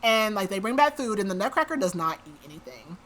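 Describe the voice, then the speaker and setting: A woman with a bright, forward voice talks through a book's plot on her podcast. Her delivery is loose and conversational, packed with "like" and quick asides. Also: mid-range voice, very animated. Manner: chatty, says "like" a lot. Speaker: podcast host. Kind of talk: casual book recap.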